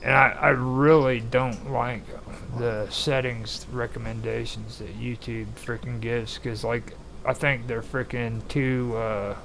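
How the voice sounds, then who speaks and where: A man's voice: mid-range voice, level tone, slow, creaky, few pauses, fairly bright tone, a little hiss or hum, rough recording. A man hosting a live stream in casual tech chat, rambling loosely with lots of filler words. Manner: loose, rambling, heavy use of "frickin'" and "like".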